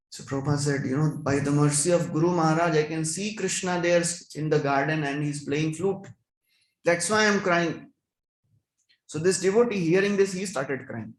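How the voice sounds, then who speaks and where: A man's voice: a little high, moderate pace. Man giving an echoey devotional scripture class. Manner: chants verses, then explains them.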